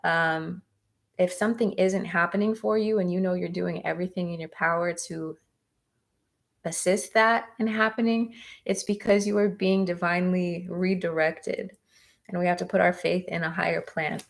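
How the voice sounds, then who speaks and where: A woman's voice: on the low side, fairly even intonation, normal speed, creaky. A woman giving live-stream tarot readings, chatting with viewers in an encouraging way. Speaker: tarot reader.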